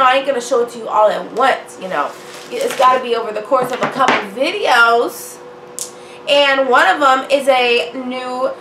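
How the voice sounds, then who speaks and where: A young woman chats to her viewers in a high, hoarse voice, her throat worn by a cold. She is sassy and playful, tossing out honey and y'all. The room around her is echoey, with a faint hum of ambience. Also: fairly bright tone. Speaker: jewelry vlogger. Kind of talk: casual chat to camera. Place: small room at home. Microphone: phone camera.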